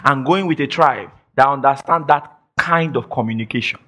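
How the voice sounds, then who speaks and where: A man preaching a sermon as pastor, emphatic, repeating phrases and shouting declarations. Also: medium pitch, normal speed. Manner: quotes imagined listeners in mock voices.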